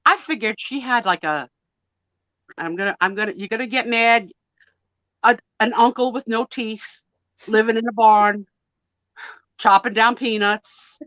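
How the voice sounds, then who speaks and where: A woman with a New Jersey accent telling stories on a casual live stream, animated and self-mocking. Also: fairly high pitch, unhurried, pauses often, no echo, highs cut off. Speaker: co-host of a live sale stream. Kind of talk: casual storytelling chat.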